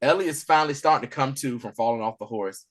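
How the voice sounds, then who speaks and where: A man co-hosting a podcast, casually recapping a TV episode in animated storytelling, acting out the characters' lines. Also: mid-range voice, quick pace. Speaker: podcast co-host. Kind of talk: casual spoiler review chat.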